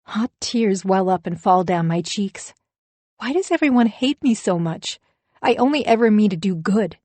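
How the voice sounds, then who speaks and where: Low-voiced woman narrating an audiobook. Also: darkish tone, dry recording. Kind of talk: first-person audiobook narration.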